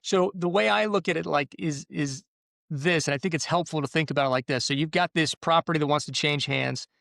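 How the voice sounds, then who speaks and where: A man's voice: fairly high pitch, brisk, gravelly, fairly bright tone, no echo, clean studio sound. A man in the mortgage business explaining home deals in casual podcast chat, rambling with restarts. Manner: rambling, restarts, acts out buyer and seller quotes. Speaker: mortgage professional.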